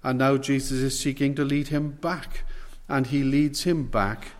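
A man preaching a sermon, earnest, stressing words slowly and asking rhetorical questions. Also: medium pitch, fairly even intonation. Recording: long hall reverb.

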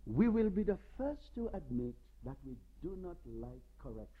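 A man preaches with a husky, slightly high voice that rises and falls widely as he drives his point home. He speaks slowly and emphatically, telling stories with dramatic flair. The recording sounds dull and lo-fi. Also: very animated. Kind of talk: sermon.

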